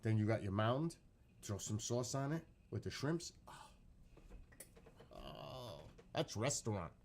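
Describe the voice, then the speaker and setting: Low-voiced man chatting about food. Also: slow pace, a little hiss or hum. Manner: excitable, keeps repeating how hungry he is; rambling, self-correcting step-by-step explanation. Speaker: streamer reacting to his own cooking clip. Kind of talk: casual chat and recipe explanation.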